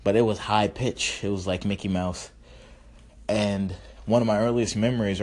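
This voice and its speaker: Slightly tipsy guy rambling on his podcast, swears a lot, kinda funny-sounding voice, lowish pitch. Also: a little mellow. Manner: rambling, self-mocking, profane. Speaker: podcast host. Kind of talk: casual solo podcast monologue.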